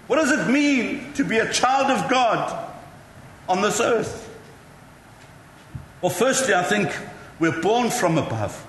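High-voiced male preacher in an echoey hall. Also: big pitch swings, slow pace, pauses often, fairly bright tone, slight background noise. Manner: chatty, self-mocking storytelling. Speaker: pastor. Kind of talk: sermon. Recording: echoey hall with faint ambience.

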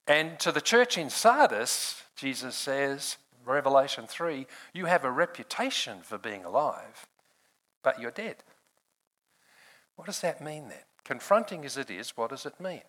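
A man's voice: medium pitch, sing-song, measured pace, fairly bright tone, low-quality recording. An older man preaching a sermon in a conversational way, laughing often and calling on people in the room by name.

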